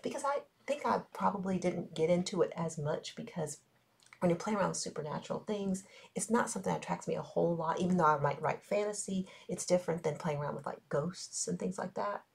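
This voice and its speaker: A woman's voice: lowish voice, fairly quick, vocal fry, husky. A woman co-hosting a podcast in casual chat, chatty and laughing often, calling listeners y'all. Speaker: podcast co-host.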